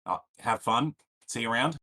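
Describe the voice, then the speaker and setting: A man's voice: medium pitch, moderate pace, pushed and bright. A man playing a grumbling, laid-back male ranger in a tabletop game.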